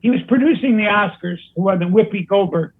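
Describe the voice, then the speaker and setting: An older man, a comedy writer and guest, telling a lively anecdote and laughing at his own punchlines. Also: high voice, brisk. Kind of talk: casual storytelling. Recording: tinny phone-like line.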